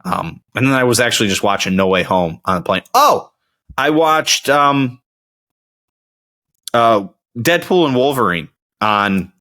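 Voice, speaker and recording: A man's voice: mid-range voice, animated, a little slow, pushed and bright. A young man hosting his own show, chatting casually and telling rambling stories with frequent restarts. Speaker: podcast host. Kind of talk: casual solo chat.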